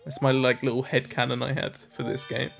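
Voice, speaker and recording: A young man in his twenties, a gaming host, joking and reacting excitably while he plays. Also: mid-range voice, brisk, creaky, faint music behind. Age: 20s. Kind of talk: let's-play commentary.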